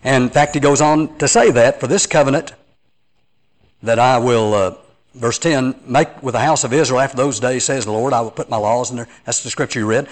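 A man's voice: medium pitch, brisk. A man, a preacher giving an earnest, emphatic Bible lesson and telling stories to a class.

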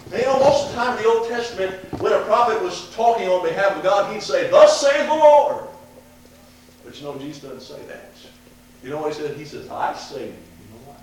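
Male preacher with a high voice, emphatic sermon delivery, recorded from across a very echoey church with a faint hum. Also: fairly bright tone, recorded from a distance. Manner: emphatic, rising when quoting, trailing off at ends of verse citations.

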